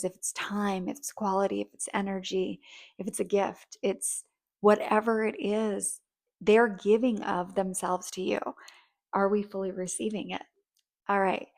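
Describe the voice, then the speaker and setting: Vrouw met krakerige stem die kletsend advies geeft. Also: female voice, medium pitch, vocal fry, darkish tone. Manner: chatty and rambling, acts out sweet thank-yous. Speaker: relationship coach. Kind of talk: casual advice talk.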